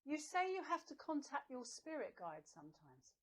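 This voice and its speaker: A woman's voice: high voice, big pitch swings, moderate pace, a bit bright. A woman playing a polite, eager TV presenter with a prim, courteous way of talking. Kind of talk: comedy sketch acting.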